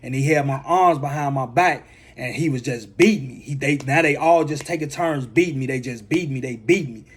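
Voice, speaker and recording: A man's voice: medium pitch, fairly quick, slightly rough. A man, a motivational speaker, telling a personal testimony and repeating phrases for emphasis.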